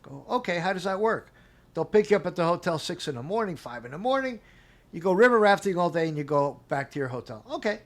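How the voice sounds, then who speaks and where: Speaking quickly in a high-sitting voice, a middle-aged man being interviewed recounts a lengthy personal story in casual talk. He animatedly performs other people's lines and laughs as he goes.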